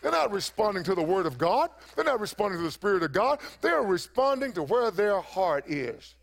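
A man's voice: high voice, very animated, fairly quick, vocal fry. A man preaching a sermon as pastor, emphatic and repeating phrases for effect.

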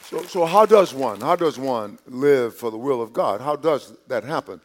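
Man preaching with quiet asides, medium pitch. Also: expressive, moderate pace, a faint crowd, slight background noise. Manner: conversational preaching with repetitions and restarts; drops to quiet asides, rises on emphasis. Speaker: pastor. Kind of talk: sermon.

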